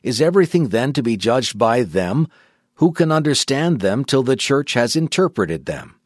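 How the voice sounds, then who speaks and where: A man's voice: medium pitch, very animated, normal speed, dry recording, studio quality. A man voicing a hostile church dignitary who exclaims indignantly. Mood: scornful.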